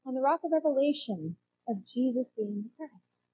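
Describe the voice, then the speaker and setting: Animated woman preaching a sermon. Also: high-pitched, moderate pace, slightly rough, low-quality recording. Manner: animated, acts out voices of Bible figures.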